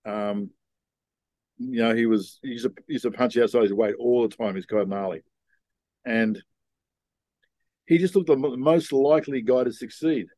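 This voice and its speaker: An older man tells stories as a podcast guest, in a frank, reflective way that circles back on itself. His voice sits at a middle pitch. The sound is dry and close. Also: moderate pace, long pauses, a little mellow, no echo. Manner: rambling, frank and reflective, with frequent ums and restarts. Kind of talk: casual storytelling conversation.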